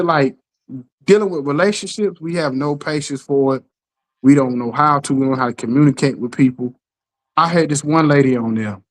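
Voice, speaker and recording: A middle-aged man hosts a casual podcast chat. He tells his stories in a lively way, acts out what other people said, and keeps checking that the listener is following. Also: a little high, poor audio. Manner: animated storytelling, acts out quotes, keeps asking "you know what I'm saying". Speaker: podcast host.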